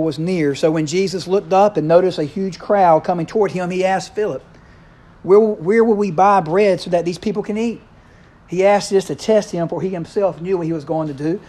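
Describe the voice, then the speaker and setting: Middle-aged male preacher, slightly high, warm tone, conversational sermon style. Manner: conversational, checks in with the congregation.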